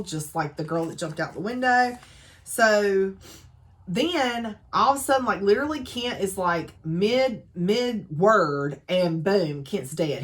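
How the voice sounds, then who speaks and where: A woman gives a casual, chatty book recap full of dramatic asides. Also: fairly low pitch. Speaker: book reviewer.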